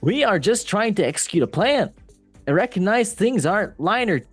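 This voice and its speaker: A man putting on a high, drawling club-owner voice. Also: sing-song, normal speed, husky, dry recording, faint music behind, exaggerated voice. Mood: upbeat spin. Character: smug American club-owner businessman, male, middle-aged.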